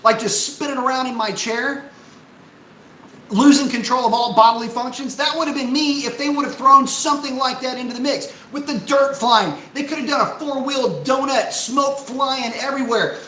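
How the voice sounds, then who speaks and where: A man hosting a casual live stream, ranting in an animated, profane, exasperated way and reading out chat messages. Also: very high-pitched, moderate pace, roomy sound, slight background noise, poor audio.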